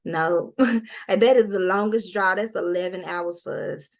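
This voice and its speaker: A woman's voice: fairly low pitch, measured pace, vocal fry. A woman from North Carolina with a Southern accent, hosting a casual interview in a playful, folksy way. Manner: playful, folksy, calls people girl and honey. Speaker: host.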